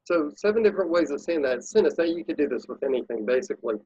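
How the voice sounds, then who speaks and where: Man, husky voice, emphatic coaching talk, dry dull lo-fi sound. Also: on the high side, animated, quick pace, mellow, no echo. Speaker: guest, productivity speaker and consultant. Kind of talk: casual interview talk.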